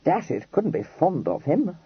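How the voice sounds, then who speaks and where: Man doing a clipped slangy regency dandy, bouncy, husky voice, dry dull sound. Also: a little high, wildly swooping pitch, unhurried, no echo, voice pushed up, heavily acted. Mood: blunt. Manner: clipped slangy phrases, dropping words. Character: mild young Regency dandy, blunt and fond.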